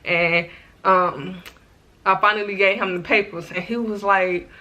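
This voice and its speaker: Woman, 20s, vlogger, casual storytime, chatty, animated, bright clear tone. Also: medium pitch, measured pace, highs cut off. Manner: chatty, animated, addresses viewers directly.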